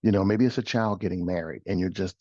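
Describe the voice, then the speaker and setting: A middle-aged man with a low, husky voice gives a motivational coaching talk. He is emphatic, repeats his phrases and asks rhetorical questions. The studio recording is dry and a little dull. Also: fast talker, darkish tone, dry recording. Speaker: host and life coach.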